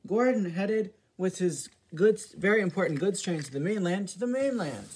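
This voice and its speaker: A man's voice: high voice, lively intonation, moderate pace, a little mellow, poor audio. A man narrating a homemade storybook about steam engines, stumbling and restarting now and then. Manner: reading with restarts.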